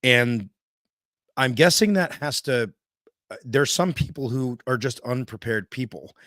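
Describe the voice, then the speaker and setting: A man's voice: medium pitch, unhurried, a bit bright, no echo, studio quality. A man hosting a podcast, rambling and hunting for words as he builds up to a question. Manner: rambling, searching for words before asking. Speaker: podcast host. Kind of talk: casual interview talk.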